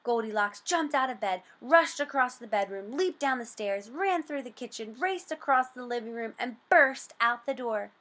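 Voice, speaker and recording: A woman reads a children's storybook aloud, slow and sing-song. Her voice is bright and a little high, and her pitch rises and falls widely. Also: lively intonation.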